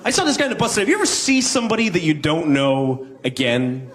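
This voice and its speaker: On a comedy club stage, a male stand-up comedian delivers his set in a dry, wry way, talking fast in a voice on the higher side. It's a live club recording, so the crowd and other noise can be heard.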